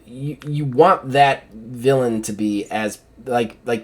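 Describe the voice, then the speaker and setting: A man's voice: medium pitch, takes it slowly, husky. A man co-hosting a casual gaming podcast, talking in a loose, laid-back way with lots of fillers.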